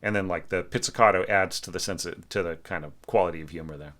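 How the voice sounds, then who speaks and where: A man's voice: low-pitched, fast, fairly bright tone. A man giving a casual, chatty critique of an orchestration, with lots of "you know" and "like" and sung-out notes. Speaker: orchestration teacher giving feedback. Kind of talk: casual spoken critique of a score.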